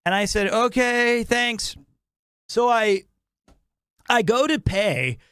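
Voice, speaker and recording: A man's voice: very high-pitched, takes it slowly, a bit bright, clean tone, no room sound, studio quality. A man telling a comedic anecdote, acting out his own reactions with laughter. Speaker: podcast guest storyteller.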